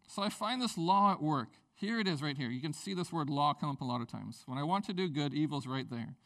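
A male pastor giving a sermon, lively and joking, mixing scripture with personal stories. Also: a little high, fairly quick, creaky, hardly any pauses.

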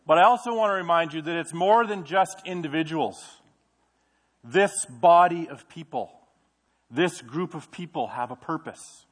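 A man's voice: on the high side, unhurried. A middle-aged male pastor preaching a sermon in a church, in a conversational way, asking the congregation questions. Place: church sanctuary.

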